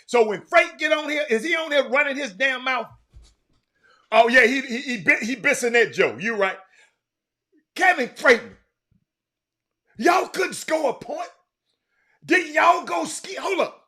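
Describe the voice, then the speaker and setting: A male host rattles through sports talk with a high, lively voice that leaps all over the place. He teases the fans and shouts out names from the chat, and he trips over his own words as he goes. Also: unhurried. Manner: loud, excitable, teasing, repeats words, sudden shouts. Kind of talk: animated sports talk, reading live chat.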